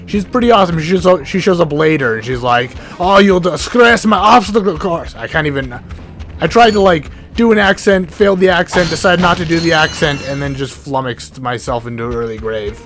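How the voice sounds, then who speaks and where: A man giving rambling, excitable gameplay commentary as the host of a let's play, often cutting himself off mid-thought and swearing casually. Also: fairly high pitch, brisk. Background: game music and sound effects.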